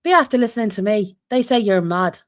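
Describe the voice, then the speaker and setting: A woman's voice: medium pitch, expressive, brisk, close to an everyday voice. A woman doing a sly trickster servant. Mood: teasing. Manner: wheedling, teasing, mock-soothing.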